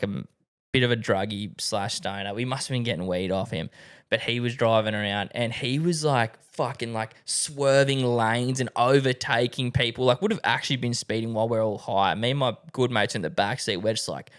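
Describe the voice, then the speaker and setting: A man's voice: mid-range voice, brisk, clean tone. A young Australian man hosting a podcast, telling stories in a casual chat with lots of swearing and slang. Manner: laid-back storytelling, heavy swearing and slang. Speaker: podcast host.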